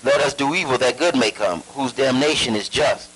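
A man reads scripture aloud in a husky, mid-pitched voice. His delivery stays steady and measured from verse to verse. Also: rough recording. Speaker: scripture reader.

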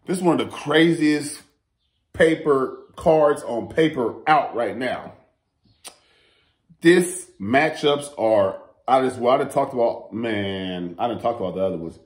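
A man giving casual, excitable battle rap commentary, rambling and slangy. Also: mid-range voice, measured pace.

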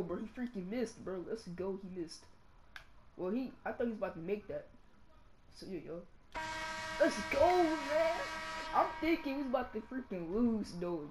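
A male gaming channel host with a high voice gives casual gameplay commentary and rants, swinging from mumbles to shouts. He's heavy on slang, filling nearly every phrase with "bro" and "y'all," and there's slight background noise.

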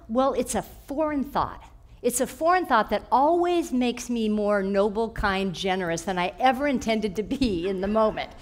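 A woman telling a personal story in a conversational way at church, quoting voices as she goes. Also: a little high. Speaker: church speaker.

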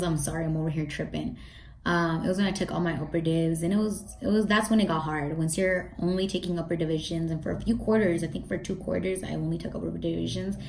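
A young woman chatting candidly into her camera, swearing freely and poking fun at herself. Her voice sits a little low, and the room around her rings with echo. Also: steady tone, fairly quick, creaky, a little hiss or hum. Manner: casual, profane, self-deprecating, peppered with "like". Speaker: vlogger. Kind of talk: candid storytime vlog. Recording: echoey room.

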